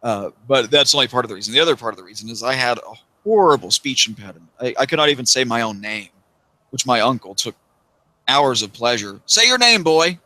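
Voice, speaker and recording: Southern-raised guy, bright voice, rambly wry stories, swears a lot, casual stream chat. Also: medium pitch, fast, no echo. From American South. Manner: wry, rambling storyteller who swears freely. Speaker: interviewee, YouTuber.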